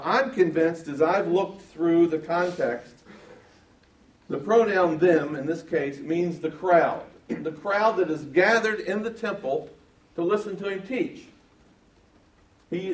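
A man preaching a Bible sermon with a fairly high voice. He swings from quiet, careful explanation to loud, stressed lines and keeps asking the congregation questions. The sound is roomy, caught from a distance across a church. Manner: emphatic, shifts from quiet to loud, asks the audience questions. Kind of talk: sermon, verse-by-verse Bible teaching.

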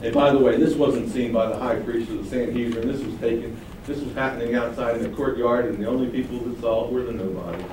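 A man preaching a sermon, animated, acting out quoted lines with sudden rises. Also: mid-range voice, quick pace, few pauses. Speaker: pastor. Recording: very echoey room, distant mic, faint noise.

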